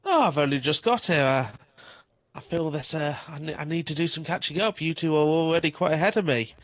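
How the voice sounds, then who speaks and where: A man's voice: on the high side, fairly quick, dry recording. A man taking part as a player in a tabletop game, talking in an easygoing, chatty way.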